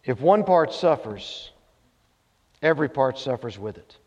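With a very animated, darkish voice of medium pitch, a male pastor takes his time preaching a sermon. He tells a story and keeps returning to short repeated refrains to drive it home, all heard through dull audio with long hall reverb.

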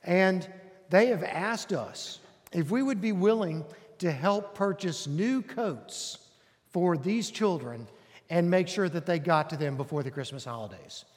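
A man's voice: high voice, lively intonation, a little slow. A man, a pastor making an earnest, inviting announcement to his congregation in a church sanctuary. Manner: earnest, inviting, emphatic repetition. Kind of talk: announcement from the pulpit. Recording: long hall reverb.

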